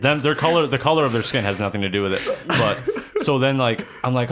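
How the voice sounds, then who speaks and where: A man's voice: medium pitch, animated, noisy background. A man in casual chat who rambles through dream stories and laughs as he talks. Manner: fast, rambling, laughs while telling stories.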